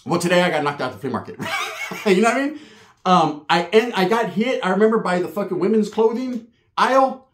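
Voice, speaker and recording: A man telling a profane, animated street story on his channel, slipping into voices for the people he quotes. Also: high-pitched, a little fast. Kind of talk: casual storytelling vlog. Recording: roomy echo.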